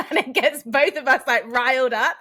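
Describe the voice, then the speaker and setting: A woman co-hosting a podcast, talking in an animated, reflective way and laughing easily. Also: high-pitched, normal speed. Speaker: podcast co-host. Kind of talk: casual chat.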